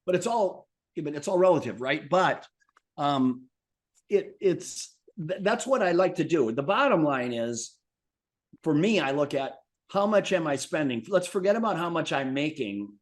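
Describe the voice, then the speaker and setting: A man's voice: a little high, big pitch swings, normal speed. Earnest man reflecting in an interview. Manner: earnest, reflective, with some stumbles and restarts. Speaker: podcast guest, franchise businessman. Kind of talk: conversational interview answers.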